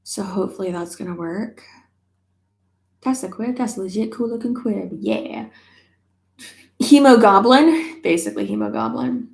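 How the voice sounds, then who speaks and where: A young woman talks loosely and chattily to her viewers, peppering her speech with "like" and casual swearing. Her pitch sits in an ordinary middle range. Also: normal speed, creaky, pauses often, a little mellow, echoey room. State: pregnant. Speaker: YouTuber. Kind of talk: casual livestream chat.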